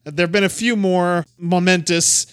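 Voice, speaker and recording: A man's voice: high voice, steady tone, normal speed, clear, resonant tone, dry recording, clean studio sound. A man hosting a podcast, introducing a clip and chatting casually with a co-host, often laughing. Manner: laughing, loose and conversational. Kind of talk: casual chat.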